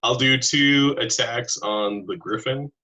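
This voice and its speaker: A man playing a tabletop game, talking casually and slowly with a husky voice. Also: medium pitch, pushed and bright, muffled recording. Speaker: player.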